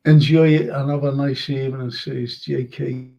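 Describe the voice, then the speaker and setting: This older man from Liverpool, England, speaks with a Liverpool accent as host of a casual online history and chat show streamed live. Chatty and rambling, he reads out viewers' comments and laughs easily, his medium-pitched, dark voice steady in tone with vocal fry at normal speed, in lo-fi sound.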